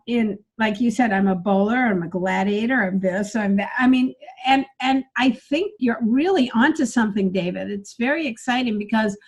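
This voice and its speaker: Sex: woman. Role: speaking coach running a live online class. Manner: upbeat, encouraging, fairly high voice. Mic: video call. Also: slightly rough. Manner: upbeat, encouraging, chatty with students by name. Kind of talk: live online workshop teaching.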